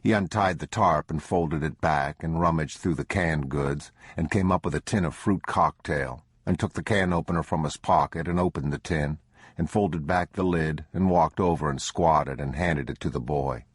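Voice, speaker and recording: A man narrates a bleak survival audiobook with a measured, grim delivery. His voice is deep and husky, and the close, dry recording keeps it intimate. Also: no room sound. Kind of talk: scripted narration.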